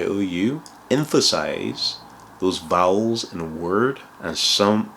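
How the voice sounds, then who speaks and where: Deep-voiced man rambling through career tips. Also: a little hiss or hum. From outside England, moved there. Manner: rambling, full of restarts and "you know". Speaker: cloud consultant giving career advice. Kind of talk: casual advice vlog.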